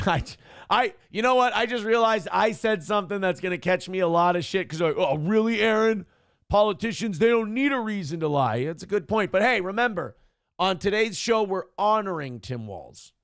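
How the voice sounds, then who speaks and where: A man from Minnesota hosts a morning livestream, rambling through viewer donations with a sarcastic, foul-mouthed edge. His voice sits a little high for a man. It comes through dry and close, with no room sound. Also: dry recording. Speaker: morning show host.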